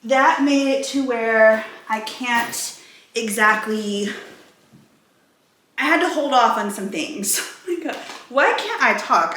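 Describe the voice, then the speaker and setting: A woman's voice: a little high, a bit bright, a little hiss or hum. Breathless, chatty woman vlogging. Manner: rambling, chatty, self-interrupting. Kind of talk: casual vlog chat. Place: home room. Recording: echoey room.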